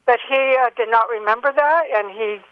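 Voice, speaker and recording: An older woman calling in by telephone, telling a long personal story in an earnest, halting way with many fillers. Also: fairly high pitch, clean tone, no room sound. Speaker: caller. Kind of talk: phone-in call. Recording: dull telephone line.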